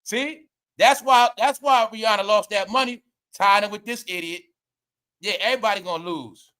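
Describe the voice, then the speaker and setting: High, bright-voiced man laughing through gossip. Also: normal speed, smooth. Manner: loud, laughing, repetitive, addresses viewers as y'all. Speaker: commentary host. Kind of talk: live-stream gossip commentary.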